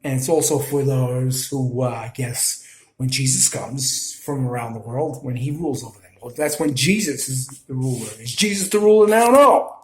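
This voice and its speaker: A man's voice: medium pitch, normal speed, roomy sound, rough recording. A man with a New York Italian accent, ranting to viewers in blunt, scolding commentary. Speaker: video commentator.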